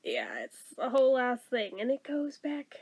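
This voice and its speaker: A young woman with a high voice talks straight to camera in a loose storytime vlog. She gets emotional and teary, drops swear words freely, and keeps the telling casual and personal. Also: big pitch swings, normal speed, a little mellow, husky. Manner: emotional, swearing, laughing and tearing up while telling. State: teary, welling up. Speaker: vlogger.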